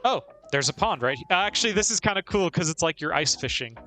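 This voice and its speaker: A man's voice: fairly high pitch, animated, brisk, pushed and bright, faint music behind. A man streaming a video game live, chatting casually, narrating his moves and laughing often. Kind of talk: casual live gameplay commentary.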